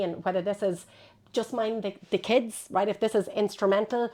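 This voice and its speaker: A woman speaks as a psychotherapist guest in an interview, explaining ideas at length. She is animated and slips into quoted voices to act out examples. Her voice has a middle pitch. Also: moderate pace.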